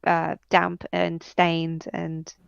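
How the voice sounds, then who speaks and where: A woman narrates a tabletop fantasy game as game master, pausing often with ums and uhs. Her voice is smooth and clear at a middle pitch. The recording is dry and somewhat dull, like a home mic. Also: completely flat delivery, no room sound. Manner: hesitant, many ums and uhs.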